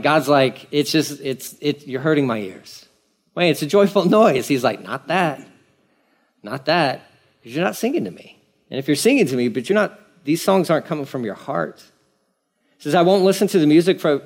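A man pastor preaching a conversational sermon, repeating phrases for emphasis. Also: a little high.

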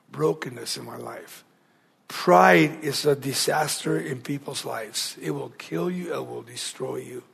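A male pastor delivering a sermon in a high, gravelly voice. He asks the congregation rhetorical questions and sometimes sinks to a hushed near-whisper to press a point. His tone has a husky, rough edge throughout.

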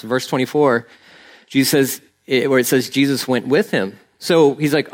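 A male pastor delivers a sermon in a relaxed, conversational way, leaning on "like" as he talks. His voice sits at an ordinary middle pitch. He stays earnest and now and then slips into quick impressions of the people in his story. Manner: casual and earnest, often says "like", voices quoted people.

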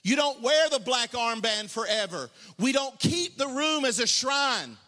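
A man preaches to his congregation in a strikingly high voice that swoops up and down with lively energy. He slips into joking, casual asides, then builds to shouted, half-sung lines. The sound rings with the long reverb of a big sanctuary. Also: measured pace. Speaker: pastor. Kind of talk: sermon. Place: church sanctuary.

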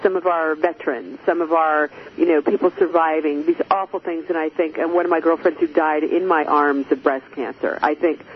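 A woman's voice: sits low, fairly even intonation, moderate pace, hardly any pauses. A woman hosting a conversational interview, talking emphatically and expressively and turning often to address her listeners directly. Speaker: host. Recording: muffled lo-fi audio with faint hiss.

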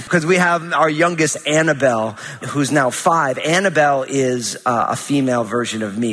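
Man, pastor, sermon, humorous storytelling, raised pitch, long hall reverb. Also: a bit bright. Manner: conversational, humorous storytelling with many fillers. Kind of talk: sermon with personal stories.

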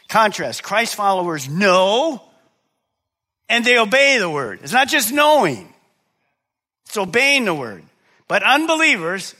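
A middle-aged pastor delivers a sermon, shifting between soft, low-pitched asides and loud, high-pitched preaching. He poses questions to the congregation and then answers them himself.

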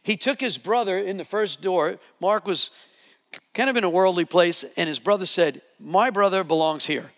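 Male preacher, higher voice, animated testimony, reverberant hall sound. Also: normal speed. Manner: animated, repetitive storytelling with restarts. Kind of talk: sermon testimony storytelling.

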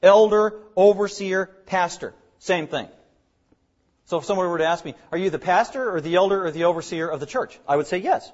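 A man's voice: sits high, a little fast, dull audio. A man preaching as the pastor of his church, explaining terms with emphatic repetition. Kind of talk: sermon.

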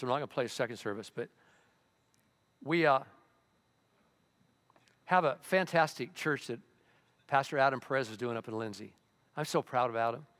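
An older man preaching a sermon as pastor, in a conversational way with sudden loud, excited bursts. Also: medium pitch.

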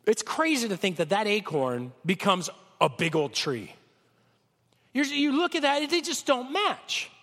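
A man preaching a sermon with a cold, talking conversationally and swinging from loud peaks to soft lows. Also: very animated, unhurried, big-room sound. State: has a cold. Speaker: pastor.

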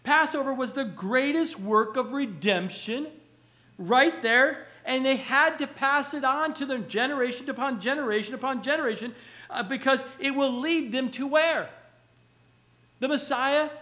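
A man's voice: very high voice, measured pace, pushed and bright. A man preaching a sermon as pastor, earnest and building to emphatic exhortation, now and then mimicking children's questions. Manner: acts out children's whiny questions.

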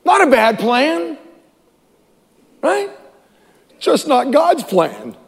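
A man's voice: extremely high pitch, huge pitch swings, drawn-out words, gravelly. A man pastor preaching a sermon, reading scripture aloud with wry asides and chuckles, in a church sanctuary. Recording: long reverb in a hall.

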